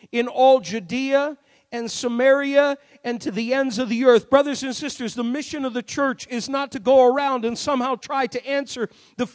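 A man preaching a sermon, swinging from quiet storytelling to shouted crescendos. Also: extremely high pitch. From rural upbringing. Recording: long hall reverb.

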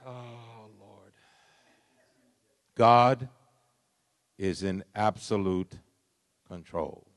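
A middle-aged man preaching a sermon, swinging from soft, low lines to loud, impassioned ones. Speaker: pastor.

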